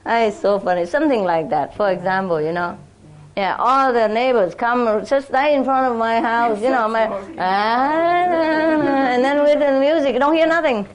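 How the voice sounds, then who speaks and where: Woman, high voice, chatty storytelling, acts out neighbors, laughs a lot. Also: normal speed. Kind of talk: casual storytelling monologue.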